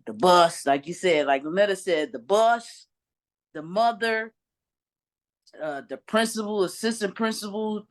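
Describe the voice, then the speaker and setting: A woman's voice: low voice, a bit bright. A woman on a podcast panel, talking heatedly and firing off rhetorical questions in casual chat.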